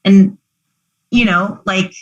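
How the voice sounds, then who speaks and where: Young woman guest on a podcast, thoughtful, kinda hesitant, says like a lot, mid pitch. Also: steady tone, slow, muffled recording. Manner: reflective, hesitant, frequent "like". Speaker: guest, coaching client. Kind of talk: conversational podcast interview.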